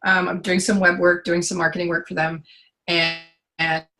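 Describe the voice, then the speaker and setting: A woman giving a client testimonial in casual conversation, chatty and animated as she tells her stories. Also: on the low side, normal speed, faint music behind.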